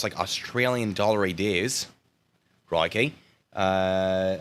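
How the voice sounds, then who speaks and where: An American man hosting a casual live stream, joking and chatting with viewers in an animated way that swings between loud bursts and mumbled asides. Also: lowish voice, clear, resonant tone.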